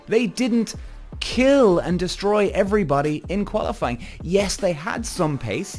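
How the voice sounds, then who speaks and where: A man hosting a podcast, reacting to a TV show in an excitable way, swearing freely and jumping up and down in pitch. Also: unhurried, faint music behind. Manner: excitable, profane, big pitch swings. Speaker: podcast host. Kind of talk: TV reaction commentary.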